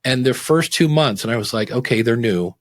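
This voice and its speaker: A middle-aged man appears as a guest on a casual podcast interview, speaking fairly quickly. He's animated as he explains things, acting out voices and quotes with big swings in pitch.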